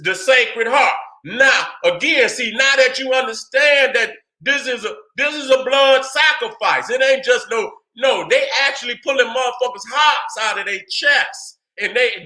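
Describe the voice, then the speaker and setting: A channel host with a very high, bright voice and a forceful tone delivers a heated lecture full of profanity. He's emphatic and keeps asking his listeners, "you see what I'm saying," to check that they follow him.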